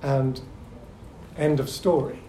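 A middle-aged man speaking at a seminar, telling anecdotes in a lively but hesitant way, full of ums and restarts. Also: medium pitch, takes it slowly. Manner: lively storyteller. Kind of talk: anecdotal talk to a seminar audience. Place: echoey meeting room. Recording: echoey room with faint hum.

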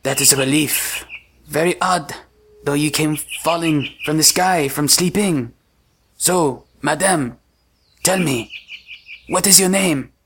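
A man's voice: fairly high pitch, slow pace, long pauses, fairly bright tone, slightly rough, heavily acted. A man voicing a courteous, formal creature who calls her Madame. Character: polite gentlemanly creature, formal and kind.

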